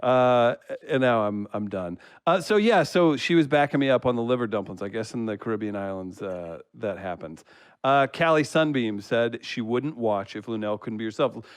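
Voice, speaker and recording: A man with a smooth, resonant voice reads listener comments on a comedy podcast. He teases the hosts and laughs easily between lines. The sound is close and dry, with no room around it. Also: mid-range voice, moderate pace, no echo. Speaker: producer reading listener comments. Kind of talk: casual podcast chat.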